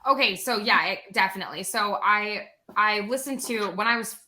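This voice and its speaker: A young adult woman talking as a guest in a casual interview, energetic and animated, speaking quickly with lots of "like". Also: mid-range voice.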